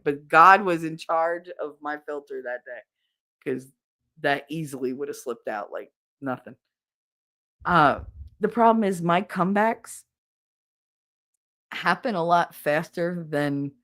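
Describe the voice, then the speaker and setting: A woman's voice: low-pitched, measured pace, long pauses. Laughing, swearing middle-aged woman host. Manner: animated, laughing storyteller who swears freely. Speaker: podcast host. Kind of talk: casual livestream chat with viewers.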